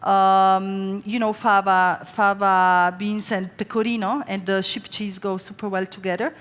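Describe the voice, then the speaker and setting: A middle-aged woman from Slovenia talks fast and casually as she cooks on stage. Her stories bounce with quoted voices. The sound carries a long hall reverb. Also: medium pitch. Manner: chatty, fast storytelling with lively quoted voices. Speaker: chef giving a stage cooking demonstration. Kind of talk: live cooking demonstration and talk. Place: large event stage with audience.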